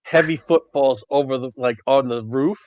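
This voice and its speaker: A man running a tabletop horror game as game master, narrating haltingly with many ums. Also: mid-range voice, a little mellow. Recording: dull, dry sound.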